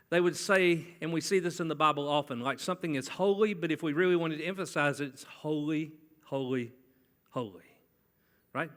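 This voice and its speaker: Bright-voiced male preacher in reverberant hall. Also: a little high. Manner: conversational, asks the congregation questions. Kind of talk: sermon. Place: church sanctuary. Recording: long church hall reverb.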